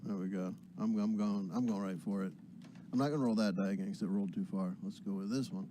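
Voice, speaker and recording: A man's voice: on the low side, steady tone, fast talker, dark tone, a little hiss or hum. A man playing in a tabletop game, chatting eagerly and asking questions. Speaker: player. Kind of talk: casual tabletop game chat.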